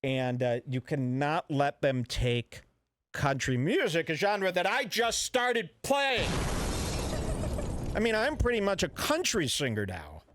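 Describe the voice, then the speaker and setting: A man hosting a radio show, ranting in a brash, mock-serious and deliberately offensive way. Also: fairly high pitch, very animated, background noise. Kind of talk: provocative comedic talk radio rant.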